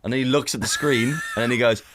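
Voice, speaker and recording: A man's voice: mid-range voice, fast talker, noisy background. Swearing, storytelling man. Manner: animated anecdote-telling, swears freely, acts out quotes. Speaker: podcast co-host. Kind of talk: casual chat, storytelling.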